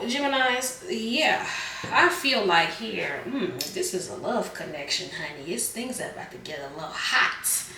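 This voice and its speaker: A woman doing a casual tarot reading, a bit hoarse as she is losing her voice, chatting loosely with many fillers. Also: fairly low pitch, a bit bright, reverberant, far from the mic, slight background noise. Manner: chatty, filler-heavy, calls viewers "Geminis". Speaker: tarot reader.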